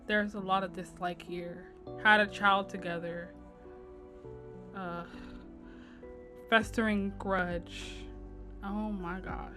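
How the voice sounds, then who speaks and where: A young woman streaming a life-sim game, chatting in a lively way and voicing what the characters say. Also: medium pitch, takes it slowly, long pauses. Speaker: gameplay streamer. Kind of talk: let's play commentary voicing characters. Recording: faint game music behind.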